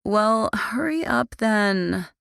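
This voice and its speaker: A sassy, pushy teenage girl voiced by a woman, slow and drawling, with a sing-song lift when she teases. Her voice is slightly gravelly and sits close in a dead-dry room. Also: medium pitch, very animated, dry recording, exaggerated voice. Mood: teasing. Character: gossipy, bossy teenage girl with attitude.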